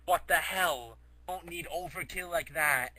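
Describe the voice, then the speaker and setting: A man telling a rambling, silly story in an excitable way, leaning on fillers like "like". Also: a little high, a little slow, crowd noise, rough recording.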